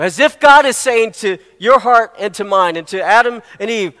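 A man's voice: sits high, lively intonation, normal speed, bright, forceful tone, in a large hall. A middle-aged man preaching a sermon, earnest and fond of repeating his questions for emphasis. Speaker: pastor.

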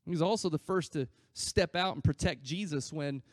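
A man preaching a sermon, acting out scripture quotes in a conversational way and swinging between loud emphasis and quiet asides. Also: on the high side, moderate pace, no room sound. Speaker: pastor.

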